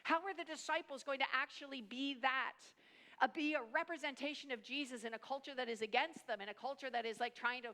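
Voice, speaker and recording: A middle-aged woman preaching a sermon at a family camp in an animated, conversational way, acting out quotes and dropping into hushed asides. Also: sits high, quick pace, long reverb tail.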